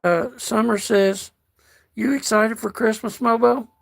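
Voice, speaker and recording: Slow gravelly older man, folksy. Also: high-pitched, fairly even intonation, fairly bright tone. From United States. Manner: slow, folksy, calls viewers darling. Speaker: livestream host reading chat. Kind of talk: casual livestream chat.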